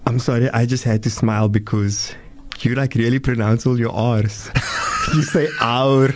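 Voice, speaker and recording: A man's voice: medium pitch, steady tone, moderate pace, noisy background. A man hosting a South African radio phone-in, chatting casually and reading out listener messages. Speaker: radio talk show host.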